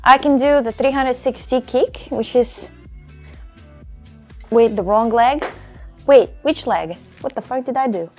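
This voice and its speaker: A woman's voice: fairly high pitch, a little slow, pauses often, faint music behind. Rambling woman with a Russian accent. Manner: rambling, stammers and repeats words. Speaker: live streamer. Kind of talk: casual live-stream chat. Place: at home.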